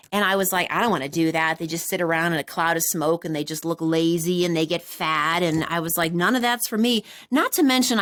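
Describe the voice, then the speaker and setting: A middle-aged woman hosting a podcast, telling a self-mocking story in a casual, animated way and acting out what people said. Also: mid-range voice. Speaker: podcast host.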